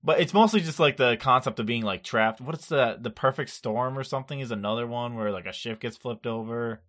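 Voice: medium pitch, a little fast, a bit bright. Laid-back rambling podcast host. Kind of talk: casual chat.

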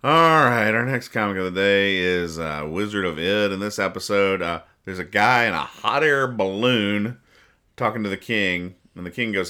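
A man with a low voice hosts a casual comedy podcast, rambling through comic strips and tossing in quick quoted voices. His tone is bright and a little sharp. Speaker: podcast host reading comics.

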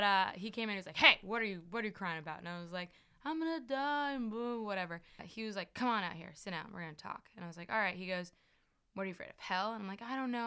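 A woman's voice: mid-range voice, pushed and bright, smooth. A woman in casual chat, telling personal stories with lots of fillers and acted-out quotes. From farm upbringing, rural. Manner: storytelling, many fillers, acts out quotes.

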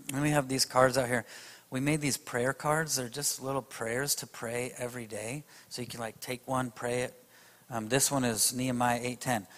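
A man's voice: mid-range voice, level tone, normal speed, a bit bright, in a large hall. A man preaching a sermon, emphatic and speaking straight to his audience. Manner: emphatic, addresses the audience directly.

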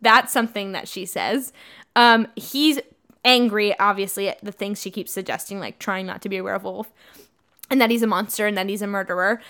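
A woman's voice: mid-range voice, brisk. A young woman co-hosting a casual podcast, animatedly retelling a novel and acting out the characters' lines. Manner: animated storyteller, acting out quotes in shifting voices. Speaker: podcast co-host recapping a novel. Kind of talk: casual chat.

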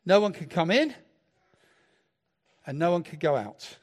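A man preaching a sermon in a playful, animated way, joking with the congregation. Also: on the high side, a little slow, husky.

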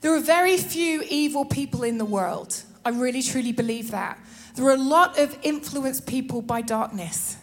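A woman preaching a sermon in a lively way, often laughing and acting out little scenes. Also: sits high, normal speed.

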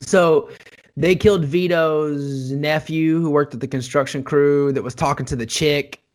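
A man co-hosting a podcast, recapping a TV show with excitable, swearing enthusiasm. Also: on the high side, a little slow. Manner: excitable, swears, laughs a lot. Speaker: podcast co-host. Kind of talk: casual chat, recapping a TV show.

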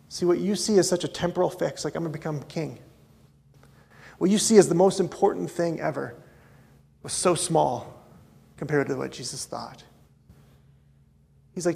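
A man preaching a conversational sermon as a pastor, swinging between loud outbursts and hushed asides. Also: fairly high pitch, normal speed, gravelly, pauses often, breathy edge.

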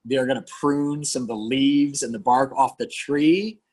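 A man in his forties talks like a pastor sharing his life on a podcast. He is earnest and animated, and he acts out remembered conversations. His voice has a husky, slightly breathy edge, with a middling pitch. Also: unhurried. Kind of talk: candid conversational storytelling.

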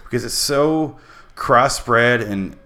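A man's voice: mid-range voice, slow pace, bright, forceful tone. A man hosting a podcast in casual chat with friends, rambling and swearing freely. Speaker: podcast host.

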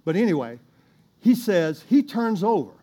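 A man's voice: high-pitched, sing-song, normal speed, dark tone. A male pastor preaching a sermon, telling a bible story in a folksy way with chuckles and asides to the congregation.

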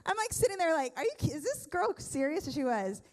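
High-voiced woman pastor preaching with humor. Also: fast. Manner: lively, conversational preaching with humor and many restarts. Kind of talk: sermon.

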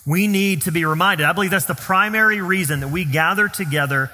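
A man with a Southern US accent preaching a sermon as pastor, earnest and emphatic, slowing down on key phrases. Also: high-pitched, pushed and bright, big-room sound. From Southern United States. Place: church sanctuary.

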